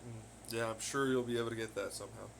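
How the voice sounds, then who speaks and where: A man's voice: lowish voice, steady tone, quick pace, vocal fry, a little hiss or hum. A young man rambling casually on his own podcast, cursing heavily as he rants. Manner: heavy swearing, ranting. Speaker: podcast host. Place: home on laundry day.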